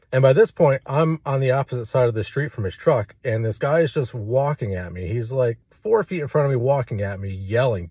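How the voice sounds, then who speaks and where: A man, a real estate agent, casually telling a story to his viewers with lively delivery. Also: mid-range voice, moderate pace, husky, no room sound. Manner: animated, acts out quoted lines.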